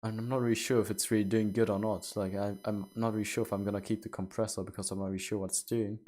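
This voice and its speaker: A man's voice: on the low side, little pitch movement, fast, dark tone. A man streaming a game, chatting casually with viewers, stumbling over and repeating his words while asking them questions. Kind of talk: casual live-stream chat.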